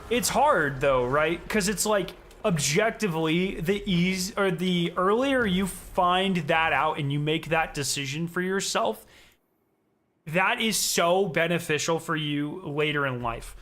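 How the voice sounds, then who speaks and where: A man's voice: fairly high pitch, a little slow, a bit bright. A man from the States, chatting casually on a live stream in a rambling, profane way and talking straight to his chat. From Southern United States.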